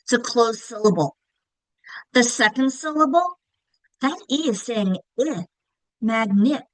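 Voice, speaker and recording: A woman giving a casual, clear instructional presentation on reading, stretching example words to show emphasis. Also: a little high, lively intonation, a little slow, no room sound, low-quality recording. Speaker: literacy teacher trainer.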